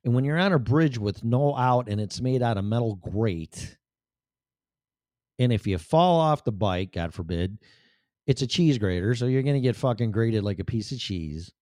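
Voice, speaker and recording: A man's voice: medium pitch, lively intonation, normal speed, darkish tone, no room sound, studio quality. A man hosting a show, telling a personal story bluntly, full of profanity.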